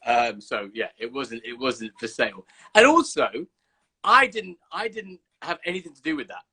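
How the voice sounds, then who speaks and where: A man's voice: mid-range voice, normal speed, pushed and bright, breathy edge, rough recording. A man hosting a casual live video chat, playful and swearing freely as he jokingly protests. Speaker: host. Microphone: phone or laptop on a live video call.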